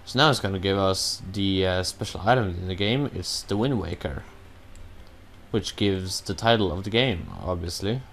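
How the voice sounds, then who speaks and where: A man's voice: sits low, moderate pace, fairly bright tone, a little hiss or hum. Casual man commenting on a game. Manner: rambling, curses at his own mistakes. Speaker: let's play gamer.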